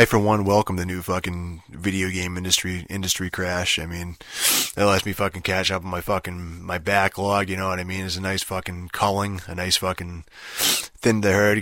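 Low, flat-voiced man ranting profanely. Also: no room sound, clean studio sound. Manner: profane, rambling, full of fillers. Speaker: podcast host. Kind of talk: casual solo podcast rant.

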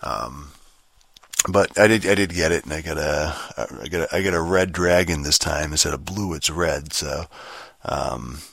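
A man's voice: very deep voice, fairly even intonation, moderate pace, creaky, a bit bright, no echo, studio quality. A man ranting casually about his gear as a gaming vlogger, swearing constantly, rambling and laughing often. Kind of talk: casual rant.

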